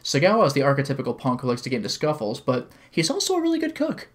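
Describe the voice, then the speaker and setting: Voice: mid-range voice, huge pitch swings, racing. A streamer who reads a visual novel aloud as the narrator, chats with viewers, and laughs often. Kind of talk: live-streamed visual novel reading with commentary.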